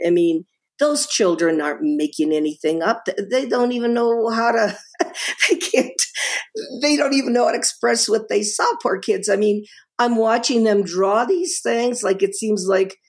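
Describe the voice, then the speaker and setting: A woman's voice: mid-range voice, vocal fry. A middle-aged woman, a guest author in a podcast interview, talking with passion and emphasis, often repeating words and restarting.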